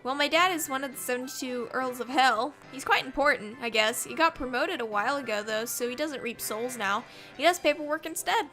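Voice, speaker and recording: Woman reading as a timid teen demon girl, hesitant and halting, high bright voice, game dialogue. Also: faint music behind. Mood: shy. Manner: hesitant, stammering.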